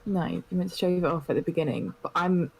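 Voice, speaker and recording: A man's voice: high-pitched, creaky, husky, poor audio. Chatty man co-hosting a podcast. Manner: chatty, halting, with many restarts. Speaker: podcast co-host. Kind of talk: casual chat.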